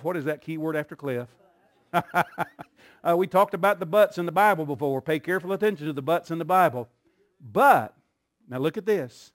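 A man preaching a sermon in church, building up to shouted call-and-response with his congregation. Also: high voice. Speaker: pastor.

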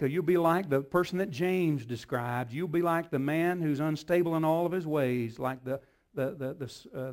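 A man with a high voice delivers a sermon. He asks the congregation rhetorical questions, then presses his points loud and emphatic. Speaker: preacher.

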